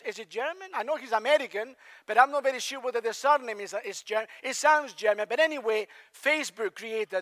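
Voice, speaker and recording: High-voiced man preaching in a reverberant hall. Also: a bit bright. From Spain. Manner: conversational, asks the congregation questions. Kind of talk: sermon. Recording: long reverb of a large hall.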